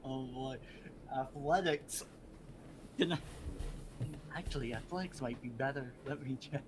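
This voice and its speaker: A man's voice: mid-range voice, measured pace, noisy background. A man playing a tabletop game, chatting in a rambling way full of "like". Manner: rambling, full of likes and laughs. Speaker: player. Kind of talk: casual chat while playing a tabletop game.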